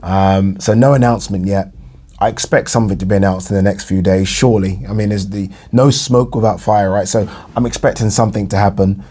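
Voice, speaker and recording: A young English adult who vlogs about boxing talks through the latest news on his own, in a rambling, casual way with lots of fillers and repeated phrases. His voice is on the low side, mellow and a bit breathy, with a steady tone and a fairly quick pace.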